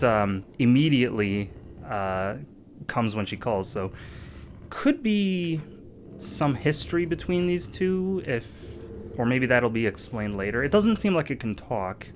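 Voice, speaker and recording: A man's voice: mid-range voice, lively intonation, unhurried, a little hiss or hum. Man musing aloud over gameplay. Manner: thinking aloud, filler-heavy. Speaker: let's-play gamer. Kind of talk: casual gameplay commentary.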